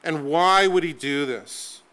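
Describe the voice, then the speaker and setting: Forceful, emphatic male preacher. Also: fairly high pitch, slow, smooth. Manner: emphatic, dramatic storytelling with sweeping shifts in pace. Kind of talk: sermon.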